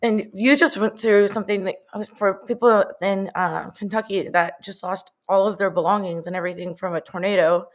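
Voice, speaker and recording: A woman's voice: mid-range voice, fairly even intonation, normal speed, few pauses. A woman hosting an interview show, talking in a casual, chatty and affirming way. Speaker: show host. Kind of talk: conversational interview.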